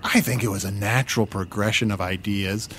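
A man hosting an improvised comedy podcast, excitable and jumpy, swinging down to low mumbles. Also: a little fast, slight background noise. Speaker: podcast host.

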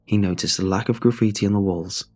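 Husky-voiced man narrating a horror story. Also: lowish voice, fairly even intonation, fast, dark tone, faint music behind.

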